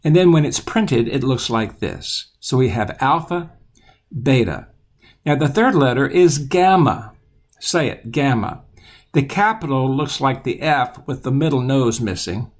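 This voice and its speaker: A man teaching children the alphabet, patiently repeating each letter aloud in a steady voice. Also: mid-range voice, unhurried.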